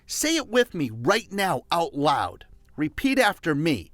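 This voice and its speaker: A man with a slightly high, very animated voice delivers an emphatic, repetitive motivational talk. He leads the listener through call-and-response phrases. The sound is dry, with soft music underneath. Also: a little slow, few pauses, no room sound. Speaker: motivational speaker.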